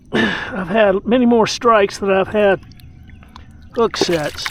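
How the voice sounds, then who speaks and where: A man calmly talking through his fishing from a boat on a lake, often sighing. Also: high-pitched, slow, vocal fry. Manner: relaxed, talks to the fish, frequent sighs. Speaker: fishing vlogger. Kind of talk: casual on-the-water commentary.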